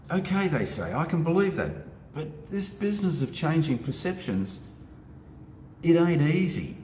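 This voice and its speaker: A man giving a motivational self-help talk, laying out steps with emphatic, animated delivery. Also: a little high, moderate pace, slight background noise. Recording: echoey room with faint ambience.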